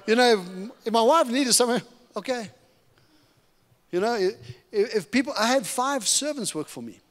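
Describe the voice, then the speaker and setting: Middle-aged guy from africa preaching his testimony, pretty high voice, big reverb church hall. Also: moderate pace. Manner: animated, humorous storytelling. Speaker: guest preacher. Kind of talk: testimony sermon. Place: church sanctuary.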